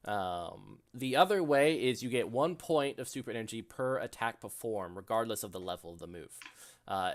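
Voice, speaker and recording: A man running a tabletop game as its game master, talking through rules and scenes at an easy, rambling pace. He speaks in loose sentences that are full of fillers and restarts. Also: mid-range voice.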